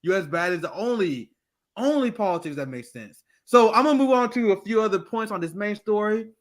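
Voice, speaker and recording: A man's voice: sits high, lively intonation, fairly quick. A man co-hosting a political commentary show, blunt and profane as he riffs on the news. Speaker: co-host.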